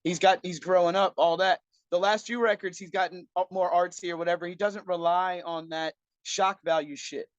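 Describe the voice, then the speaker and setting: Casual podcast co-host: a man with a high voice, blunt and profane, recorded dry and close. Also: steady tone, moderate pace, few pauses, no room sound, dull audio. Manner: blunt, profane, restarts often. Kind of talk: casual chat.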